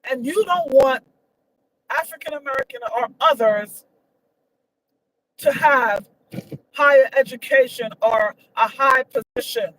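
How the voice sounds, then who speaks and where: A woman's voice: high-pitched, measured pace, pauses often, a bit bright, slight background noise, poor audio. A woman giving her opinions in a casual vlog, emphatic and repetitive, her voice leaping up when she gets indignant. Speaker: vlogger.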